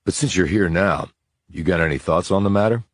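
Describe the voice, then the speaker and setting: A man's voice: sits low, brisk, no echo, studio quality, pitched above the performer's own voice. A man voicing a businesslike male police detective, in a whispered role-play audiobook reading, asking probing questions.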